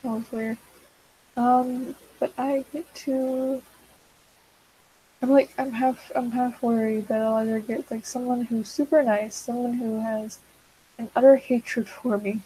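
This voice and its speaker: A woman's voice: fairly high pitch, little pitch movement, a little slow, dark tone, breathy edge, low-quality recording. A teenage girl chatting casually while drawing, rambling and awkward, full of fillers and restarts, self-deprecating. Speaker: digital artist vlogger. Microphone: desk mic.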